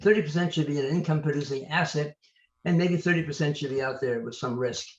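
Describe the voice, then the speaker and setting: An older man talks as an interview guest, spinning anecdote after anecdote with a fairly high voice. His audio sounds roomy and dull, with echo around him. He trails off and starts over mid-thought. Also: quick pace. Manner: animated, anecdotal, trails off and restarts. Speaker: author and analyst guest. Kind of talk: storytelling interview answers.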